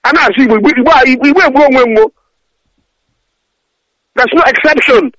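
This radio talk show caller has an extremely high, fairly bright voice and speaks unhurriedly. He delivers an angry, repetitive, stammering rant, stumbling over his words. The dull lo-fi phone-in audio is dry.

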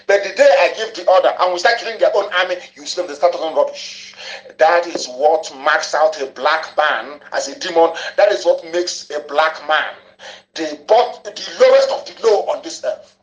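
A man giving an angry, ranting broadcast monologue, hammering points home by repeating phrases. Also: high voice. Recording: echoey room, dull lo-fi audio.

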